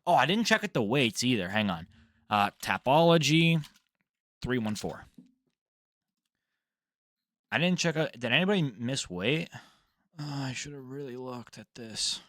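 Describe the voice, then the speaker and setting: A young man hosting his own fight predictions in a loose, rambling way, cursing freely and laughing at his own mistakes. His voice is bright and forward. It sits in a middle pitch and sounds dry and close, with no room around it. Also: animated, a little slow, long pauses, dry recording. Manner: rambling, swears and laughs at himself. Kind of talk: casual solo commentary.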